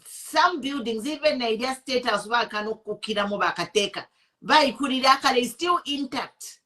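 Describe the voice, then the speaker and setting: Zambian lady ranting on her online show, bright forceful voice, switches english and bemba. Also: a little high, animated, normal speed. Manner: indignant, mixing English with Bemba. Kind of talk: impassioned political commentary.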